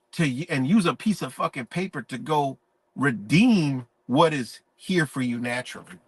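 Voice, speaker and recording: Preachy and emphatic, a man swears freely through a live-stream monologue. His voice sits a little high for a man, and the recording is dry, close and a bit bright.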